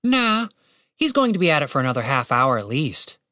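A man voicing an excitable, foul-mouthed little adventurer in an audiobook, loud and eager. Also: fairly high pitch, a little fast, no echo, clean studio sound. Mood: chatty. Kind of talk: audiobook character voice.

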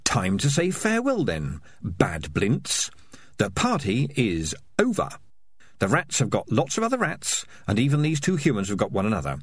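A man doing a sly, self-serving talking cat from a storybook, wry and shifty as he chatters. His voice is a little husky and swings widely in pitch, recorded dry and close. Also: huge pitch swings, moderate pace, no echo, heavily acted.

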